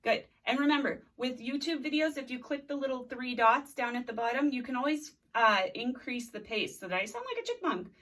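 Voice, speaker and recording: A woman's voice: high-pitched, expressive, a little fast, hardly any pauses, fairly bright tone, recorded from a distance. A woman in her thirties, a teacher leading a recorded video lesson, drilling words and prompting students to repeat after her. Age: 30s. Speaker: Spanish teacher.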